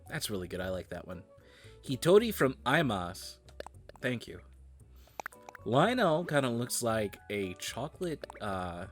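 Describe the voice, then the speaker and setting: A tired man casually muttering and commenting as he plays a game, swearing now and then. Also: medium pitch. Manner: muttering, swears casually, drifts between loud and quiet. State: tired, yawning. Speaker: gaming streamer.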